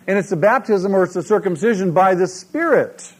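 Male pastor, high voice, lively sermon delivery with call-and-response questions. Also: a little fast, breathy edge. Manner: animated preaching, asks the congregation questions.

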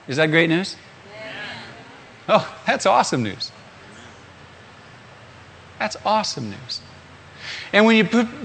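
Man with a high voice, pastor delivering an emphatic sermon with rhetorical questions; faint background noise. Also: a bit bright.

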